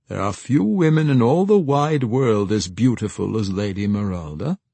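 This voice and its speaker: A courteous old steward speaks with formal gentleness, as a male narrator puts him on. His voice is slightly husky and dry, lifting lively over his words. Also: fairly low pitch, normal speed, no room sound, full character voice. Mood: gentle.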